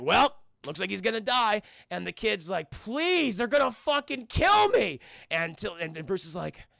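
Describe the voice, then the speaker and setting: A man's voice: high voice, creaky, fairly bright tone, no room sound, clean studio sound. A man streaming a cartoon episode recap, animatedly retelling scenes, acting out characters' lines and swearing as he talks to his chat. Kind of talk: excited live recap chat.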